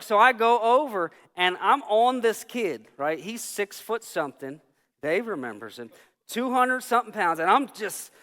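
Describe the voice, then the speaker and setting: A male pastor preaching a sermon, telling a personal story and swinging from hushed, quiet lines to shouted ones. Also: high-pitched, animated, normal speed. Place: church sanctuary. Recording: long church hall reverb.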